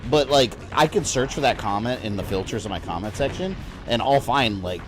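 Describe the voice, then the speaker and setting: Man, game streamer, from Florida, low voice, rambling casual chat, swears now and then. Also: lively intonation, fairly quick, music in the background. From Florida, USA. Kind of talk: casual gaming livestream chat.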